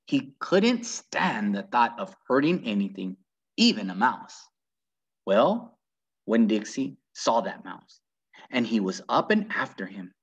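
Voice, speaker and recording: Animated husky male storyteller. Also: mid-range voice, muffled recording. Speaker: reader. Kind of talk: children's book read-aloud.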